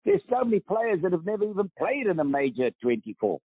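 A South African man in his eighties, a veteran golfer, speaks as a guest in a phone interview with a high-pitched, very animated voice. He talks fast with a breathy edge, emphatic and almost preaching. The recording is dry and comes through a tinny phone line.

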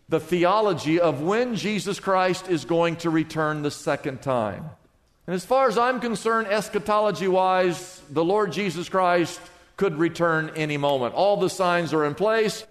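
A man preaches a sermon to his congregation, emphatic and asking them questions as he goes. His voice sits high for a man. The sound carries the long reverb of a large church sanctuary. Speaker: pastor. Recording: live church hall reverb.

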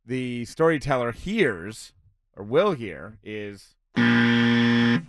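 A man's voice: medium pitch, extremely slow, no room sound, clean studio sound. Playful, teasing man hosting radio. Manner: playful, laughing, teasing host. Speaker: radio host. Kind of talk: casual radio chat.

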